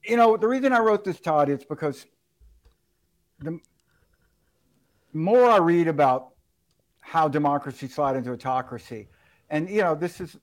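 A man's voice: a little high, normal speed, pauses often. A man being interviewed on talk radio as a guest author, laid-back and rambling with lots of fillers.

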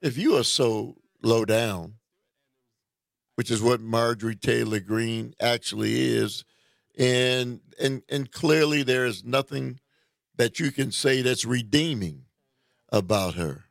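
A man giving an indignant political opinion monologue, deliberate and repeating himself as he restarts. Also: mid-range voice, gravelly, no echo, studio quality. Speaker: political commentator. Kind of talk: reading a news report aloud.

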